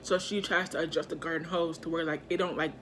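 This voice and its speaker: A young woman telling a storytime to her viewers, chatty and animated, loaded with slang and "like." Her voice sits a little low but sounds bright and sharp. Faint background noise sits under the recording. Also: quick pace. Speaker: vlogger. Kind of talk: casual storytime.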